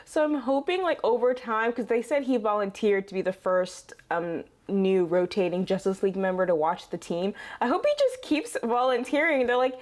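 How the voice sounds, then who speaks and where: A young woman hosting a casual reaction video, chatty and quick to laugh, with lots of fillers. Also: on the high side, animated.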